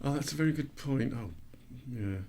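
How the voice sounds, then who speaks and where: A man's voice: mid-range voice, moderate pace, gravelly, dark tone. A man co-hosting a podcast in casual chat, with dry, self-mocking asides. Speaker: podcast co-host.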